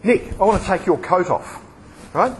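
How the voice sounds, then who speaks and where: A man preaching a sermon, lively, asking his listeners questions and acting out examples in front of a live audience. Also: high-pitched, moderate pace, slight background noise, low-quality recording.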